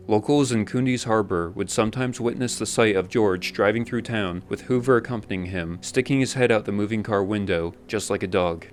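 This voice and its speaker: A man narrating a scripted documentary in a measured, even storytelling manner. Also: fairly low pitch.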